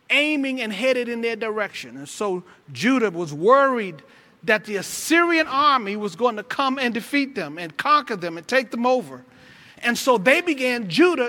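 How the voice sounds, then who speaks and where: Fervent male preacher, very high and bright voice, repetitive call-and-response delivery, AAVE flavor. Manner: preaching with call-and-response fervor, repeats phrases. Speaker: pastor. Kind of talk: sermon.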